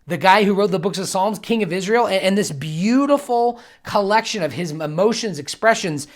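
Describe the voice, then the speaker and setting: A man's voice: high-pitched, a bit bright. A young man, a pastor, giving an earnest and reflective devotional teaching that builds to emphatic bursts. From United States.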